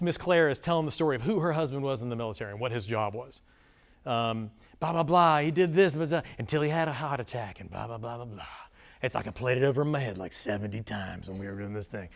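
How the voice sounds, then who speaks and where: A man leading a live filmmaking workshop for an audience, talking in a rambling, self-deprecating, animated way. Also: mid-range voice, gravelly. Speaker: workshop presenter. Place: conference room before a live audience.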